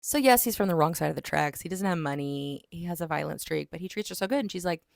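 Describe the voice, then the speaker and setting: A woman chatting casually as she reviews a book, retelling it in an animated way with lots of "like". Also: fairly low pitch, fast talker, gravelly, no room sound, clean studio sound.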